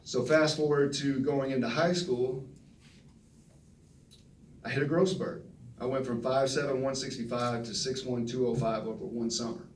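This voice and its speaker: A man, telling folksy, animated stories at a press conference and acting out the quotes. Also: mid-range voice, moderate pace, slight background noise. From Texas. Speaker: retiring football player at press conference. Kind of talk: storytelling speech. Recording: roomy echo from a distant mic.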